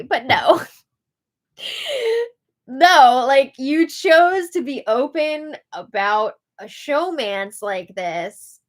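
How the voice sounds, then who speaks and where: Sarcastic, laughing woman recap host. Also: fairly high pitch. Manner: animated, swings from loud to hushed asides. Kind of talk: live recap commentary.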